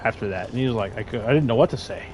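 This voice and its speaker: A man's voice: mid-range voice, rapid-fire, a little hiss or hum, rough recording. A young man telling a crude, rambling story in casual chat, trailing off with fillers. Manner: rambling, crude, loud laughing bursts.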